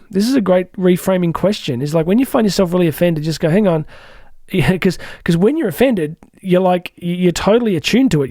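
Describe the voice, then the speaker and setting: A man hosting a motivational podcast, talking casually with animated asides. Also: high voice, creaky, no room sound, clean studio sound. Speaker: podcast host.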